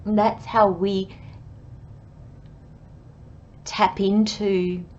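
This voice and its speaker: Gentle chatty woman reading tarot. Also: mid-range voice, little pitch movement, drawn-out words. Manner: gentle, chatty, acts out little imagined dialogues. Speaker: tarot reader. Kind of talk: channelled tarot reading monologue. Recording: slightly dull, faint background hiss.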